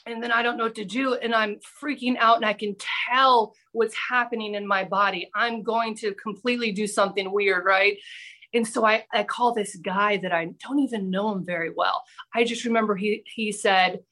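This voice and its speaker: A middle-aged woman, a former TV news reporter, telling a personal story on a podcast with animated, dramatic delivery. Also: medium pitch. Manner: animated, breathless anecdote-telling with dramatic pauses. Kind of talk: casual storytelling.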